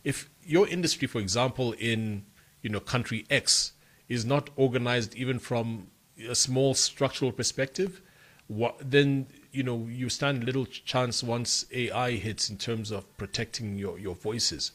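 A voiceover artist from Africa speaking as a radio interview guest, thoughtful and halting, with many repeated words. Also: male voice, mid-range voice, a bit bright.

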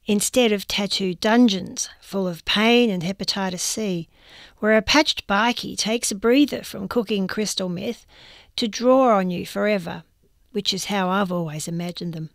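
Gravelly woman reading a wry column. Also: mid-range voice, moderate pace, no echo. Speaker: reader of magazine columns. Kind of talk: reading a first-person column aloud.

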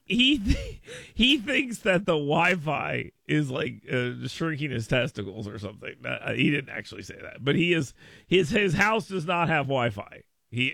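Gravelly, bright-voiced male radio host. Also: mid-range voice, no echo, studio quality. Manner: exasperated, rambling, self-mocking. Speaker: radio talk show host. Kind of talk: casual talk radio monologue. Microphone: studio microphone.

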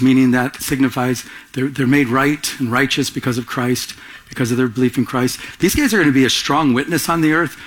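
Male preacher, mid-pitched, teaching in an earnest conversational sermon. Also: brisk. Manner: conversational, earnest, many restarts.

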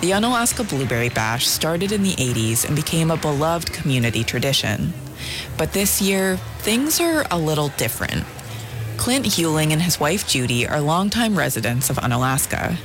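A woman reporter narrating a scripted radio feature in a lively, storytelling way. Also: low voice, normal speed, music in the background.

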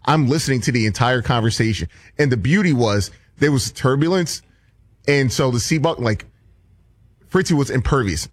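A man's voice: mid-range voice, lively intonation, normal speed, dry recording. A man co-hosting a casual chat show, telling a gossipy anecdote. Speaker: co-host.

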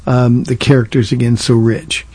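With a medium-pitched, fairly flat voice at normal speed, a little mellow and slightly rough, a Southern California pastor answers listener questions on his call-in radio show. The recording is dry, and he talks earnestly and casually, restarting often.

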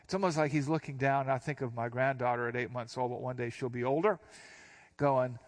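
A man's voice: mid-range voice, fairly quick. Middle-aged man teaching scripture. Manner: explains verses with relaxed asides and repetition. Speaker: Bible teacher. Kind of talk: conversational Bible teaching.

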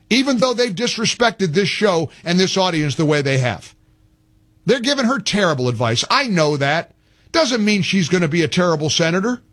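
A man's voice: sits high, fairly bright tone. A man hosting a political talk radio show, ranting in a fired-up, emphatic way with lots of repetition.

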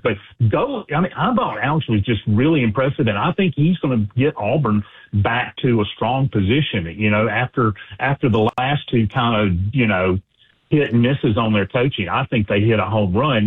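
Man, radio guest on a tinny phone line, halting and full of restarts, husky voice. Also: mid-range voice, lively intonation. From Alabama. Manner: halting, many restarts and fillers. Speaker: guest, sports agent and author. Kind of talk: casual radio talk.

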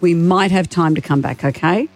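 Encouraging Australian woman quiz host. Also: on the low side. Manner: warm, encouraging, brisk question reading. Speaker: radio host, quiz master. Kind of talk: radio quiz hosting. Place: radio studio.

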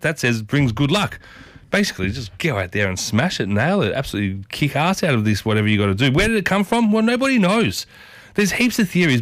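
A man's voice: medium pitch, fairly bright tone, no echo. Chatty radio host man. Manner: chatty and enthusiastic, repeats "very interesting". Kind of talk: casual radio chat. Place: radio studio.

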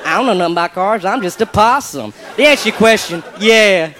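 A man's voice: sits high, lively intonation, a little fast, a crowd in the background, background noise. A man voicing a folksy male advice-giver who rambles out absurd tips in a drawling, offhand way. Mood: folksy, rambling.

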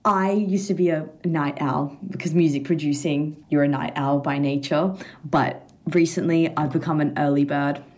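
A woman with a low voice and an Australian accent touched by English vowels chats as a guest on a music podcast. She laughs often and talks in a loose, relaxed way. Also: normal speed, hardly any pauses. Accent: Australian, slightly anglicised. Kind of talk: casual interview chat.

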